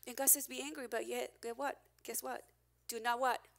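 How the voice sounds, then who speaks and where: A woman pastor preaching a candid, emphatic sermon, her loudness rising and falling as she presses her points. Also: fairly high pitch, steady tone, moderate pace, creaky.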